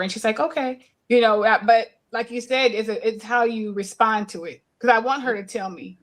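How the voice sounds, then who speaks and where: Animated storytelling woman, slightly high voice. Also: a little fast, hardly any pauses. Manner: storytelling, animated, laughs often. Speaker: podcast co-host. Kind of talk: casual chat.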